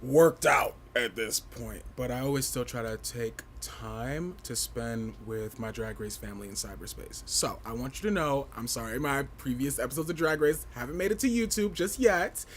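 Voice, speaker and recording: A man hosting a casual livestream fashion review, campy, playful and outspoken, with big swoops in pitch and frequent laughter. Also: moderate pace, hardly any pauses. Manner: sassy and outspoken.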